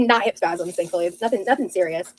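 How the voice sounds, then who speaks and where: A young adult woman with a fairly low, brisk voice reads viewers' comments during a cooking livestream, gushing and using lots of fillers. The recording is rough and carries a slight hiss or hum.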